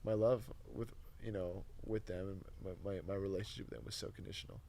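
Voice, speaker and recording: A young man, a podcast guest, telling a personal testimony in casual, animated, emotional conversation full of "like" and "dude". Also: deep voice, quick pace, creaky, a little hiss or hum.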